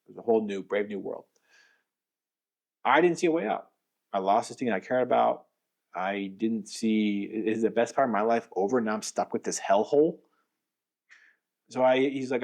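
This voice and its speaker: A man's voice: on the low side, moderate pace, pauses often. A man co-hosting a podcast, casually and animatedly retelling story scenes, often acting out the lines and restarting his sentences. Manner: animated retelling with acted-out quotes, frequent restarts. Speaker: podcast co-host.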